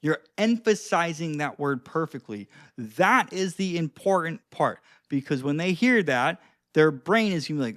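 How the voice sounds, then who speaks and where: A man's voice: fairly high pitch, lively intonation, normal speed, no echo, clean studio sound. Casual young man coaching to camera. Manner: casual, many fillers like "like" and "dude", acts out both sides of example talks. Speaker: dating and conversation coach. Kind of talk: casual advice monologue to camera. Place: at home, speaking to his own camera.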